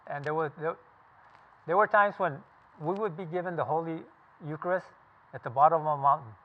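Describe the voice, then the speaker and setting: A slightly high-voiced veteran from California, in his seventies, briskly recalls his experiences for a group of listeners. He talks bluntly and emphatically with plenty of profanity, and the sound is tinny as if over a phone.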